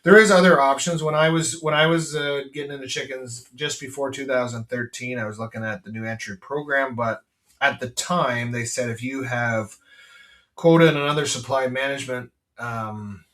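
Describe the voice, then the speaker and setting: A man's voice: mid-range voice, fairly even intonation, moderate pace, a bit bright, far from the mic. A Canadian man, a farmer hosting his podcast, talking in a blunt, rambling way with lots of fillers and restarts. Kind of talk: casual rambling monologue. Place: farm.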